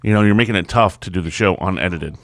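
A man's voice: deep voice, fast, fairly bright tone, dry recording. A man co-hosting a casual podcast, bantering and teasing his partner in a wry way. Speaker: podcast co-host. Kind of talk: casual chat.

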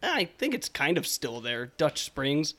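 A man's voice: on the high side, very animated, unhurried, bright, forceful tone. Laid-back rambling man telling stories. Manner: rambling storyteller, laughs often. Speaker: podcast co-host. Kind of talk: casual chat.

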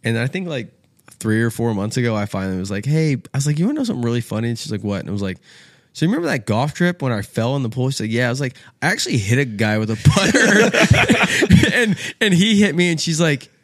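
A man's voice: medium pitch, very animated, rapid-fire, no room sound, clean studio sound. A man, a podcast guest telling a rowdy story in casual chat, acting out the people he quotes and swearing freely. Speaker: podcast guest, golf apparel co-founder.

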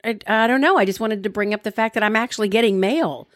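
A middle-aged woman from Alabama with a Southern accent, co-hosting a podcast in casual chat, playful and quick to laugh. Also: medium pitch, no room sound, clean studio sound. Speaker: podcast co-host.

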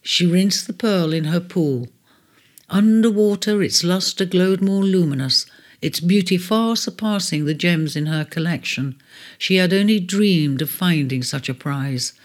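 A storyteller in a gentle, measured reading of a storybook. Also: mid-range voice. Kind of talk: storybook narration. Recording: faint music bed under the voice.

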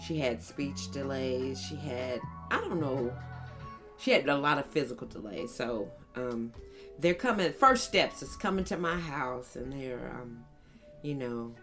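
A woman telling funny family stories on a podcast, acting out her toddlers in high little voices. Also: measured pace, faint music behind. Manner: animated storyteller, acts out toddlers in high voices. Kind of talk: casual chat.

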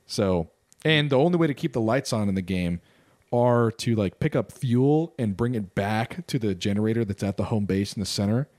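Young man, podcast co-host, lively swinging pitch, dry close sound, casual chat, swears a lot. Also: moderate pace, dry recording. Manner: animated, swears freely, explains at length.

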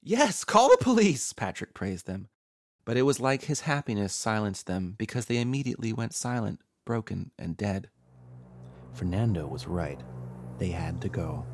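A man's voice: on the low side, moderate pace, a little mellow, no echo. A man hosting a horror podcast, reading a scripted horror-comedy story in a theatrical voice that relishes the gory, comic details. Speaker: horror podcast host and narrator. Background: background music.

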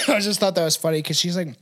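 Rambling young male podcast host, high voice. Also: fairly even intonation, racing, fairly bright tone. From Canada. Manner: rambling, laughs often, many fillers. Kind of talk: casual crude chat.

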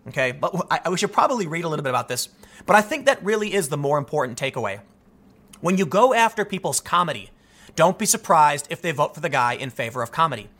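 A man delivers opinionated video commentary in an animated, rambling flow, often stammering and restarting his sentences. His voice is bright and forceful and sits slightly high for a man. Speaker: political commentator.

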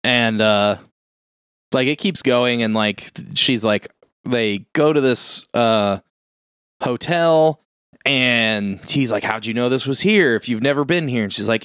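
A man recaps a horror movie in loose, rambling chat, peppering it with profanity and little acted-out lines from the characters. His voice sits at an ordinary middle pitch. The sound is dry and close. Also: unhurried, fairly bright tone, smooth, no echo. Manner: profane, rambling, acts out quotes. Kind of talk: casual chat, retelling a movie.

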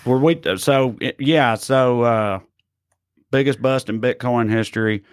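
A man with a mid-pitched voice rambles playfully through casual podcast banter and drifts into joke accents. The sound is dry and close, with no room around it. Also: slow pace, smooth, no room sound. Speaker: podcast co-host. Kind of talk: casual comedic news chat.

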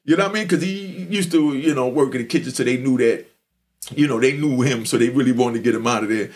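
A man hosting a show, telling a story in an animated, streetwise way and repeatedly checking in with the listener. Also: medium pitch, fast talker. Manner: animated, streetwise, repeats "you know what I mean". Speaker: podcast host telling stories. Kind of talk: storytelling monologue.

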